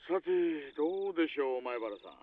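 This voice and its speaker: A man's voice: on the high side, animated, measured pace. A man voicing a polite, roundabout middle-aged male police detective in video game dialogue. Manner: courteous and roundabout. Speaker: police detective calling on the phone. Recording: tinny phone-like sound with faint hiss.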